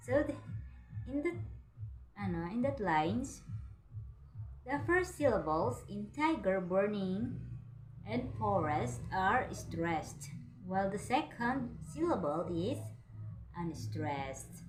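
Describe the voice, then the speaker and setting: A woman's voice: mid-range voice, sing-song, slow, pauses often, echoey room, background noise. A woman with a Filipino accent teaching a literature lesson, starting most lines with "so" and slipping into Tagalog asides.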